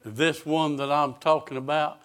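In a slightly high, steady voice that is smooth and a little bright, a man gives a sermon. He reads scripture with slow emphasis and rising intensity, asking the congregation questions directly.

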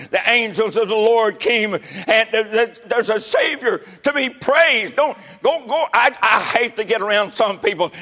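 Older male preacher, high and bright, fervent, swinging from shouts to near whispers. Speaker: pastor. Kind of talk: sermon.

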